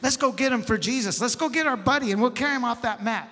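An eager, fired-up friend urges the others on with high, excited energy, as a preacher plays him. The lines have a rallying, pushing drive. A long church-hall reverb hangs behind them. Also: male voice, fast. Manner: excited, urging.

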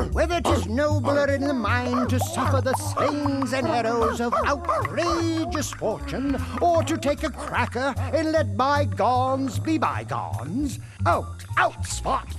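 A woman's voice: high voice, big pitch swings, slow pace, few pauses, over loud music, heavily acted. A woman voicing a pet bird that declaims like a grand stage actor in a children's puppet sketch. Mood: declaiming.

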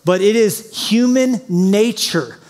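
A man preaching a sermon as pastor, mixing Bible reading with quick jokes and acted-out quotes. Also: high-pitched, a little mellow. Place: large church auditorium.

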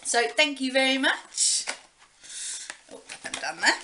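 A woman's voice: sits high, very animated, slow pace, bright, forceful tone, slight background noise. A young woman chatting casually as she shows off gifts she got in the mail, rambling with lots of fillers. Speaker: beauty vlogger. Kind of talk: casual show-and-tell chat.

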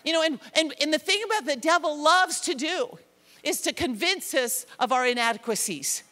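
A woman pastor preaching a sermon to a congregation, animated and self-deprecating, acting out the words of others. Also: high voice, moderate pace. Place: church sanctuary with a congregation. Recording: long church reverb.

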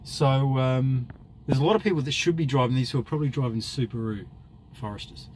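A man's voice: mid-range voice, brisk, low-quality recording. A middle-aged man chatting casually while driving a car, making wry, crude jokes as he goes. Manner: wry, crude, joking asides. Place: inside a moving car. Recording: road noise from the car.

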